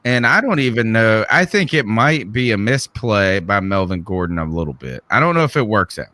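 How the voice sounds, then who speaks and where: A man's voice: on the low side, sing-song, moderate pace, sharp tone, dry recording. A man with a Southern accent co-hosting a casual sports podcast, asking questions and restarting his sentences as he talks. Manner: conversational, prone to restarts and rhetorical questions. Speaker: podcast co-host.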